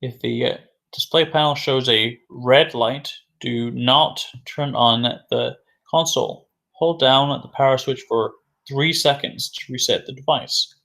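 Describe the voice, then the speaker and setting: A male English teacher talks through a vocabulary lesson at an unhurried pace. His voice sits at an ordinary middle pitch. He repeats each new phrase and answers his own questions in a patient, measured way. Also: creaky, fairly bright tone. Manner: slow and deliberate, repeating key words; asks questions then answers them himself.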